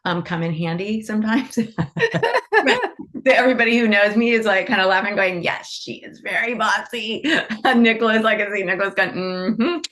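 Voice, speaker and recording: A lowish-voiced woman speaks on a video call, gushing and laughing at herself as she hosts an online event. Her delivery is warm-hearted and playful. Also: vocal fry. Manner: effusive, laughing, playfully self-mocking. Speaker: nonprofit co-founder and event host. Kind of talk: online event closing remarks.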